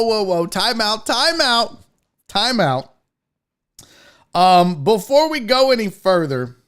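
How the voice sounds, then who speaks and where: A man's voice: high-pitched, a bit bright. A man hosting a live sports talk show, chatting loosely with viewers in a rambling, profane way. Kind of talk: casual live-stream chat.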